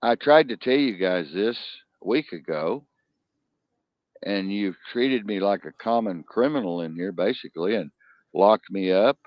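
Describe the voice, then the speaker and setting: A man with a lowish voice takes his time hosting a casual talk show podcast, telling rambling stories and crude jokes and restarting often. The recording has no echo but sounds dull and lo-fi.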